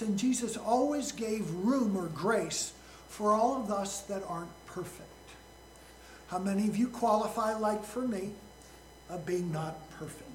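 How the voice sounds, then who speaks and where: Slow, folksy preacher in an echoey hall. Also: medium pitch, a little hiss or hum. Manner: folksy, joking, asks the congregation questions. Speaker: pastor. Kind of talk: sermon.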